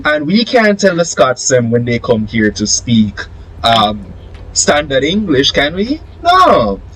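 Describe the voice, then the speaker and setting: Animated man making his case. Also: mid-range voice, slow, a little hiss or hum, low-quality recording. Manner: argumentative, building a case with rhetorical questions. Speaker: podcast host. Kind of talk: casual podcast discussion.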